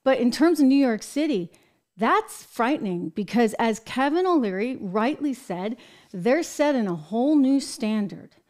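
An American woman with a slightly high voice hosts a commentary show. She talks emphatically and with animation, throwing in exasperated asides. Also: animated, unhurried, darkish tone. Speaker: show host. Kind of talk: political commentary.

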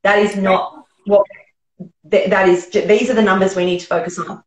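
A woman's voice: medium pitch, fairly even intonation, moderate pace, darkish tone. Earnest woman in a roomy space. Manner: earnest, encouraging. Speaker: podcast host. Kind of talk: conversational interview. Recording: roomy echo.

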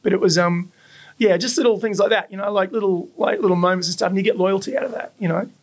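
Fast, gravelly Australian man telling stories. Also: high voice. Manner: animated storyteller, swears freely, acts out quoted voices. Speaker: burger restaurant owner, guest. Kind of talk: casual interview chat. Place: his burger restaurant.

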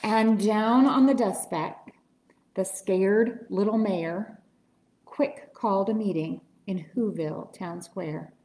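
A woman reading a picture book aloud at story time in a library, playful and animated. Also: mid-range voice, slow pace, a little hiss or hum. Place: library room. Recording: echoey library room.

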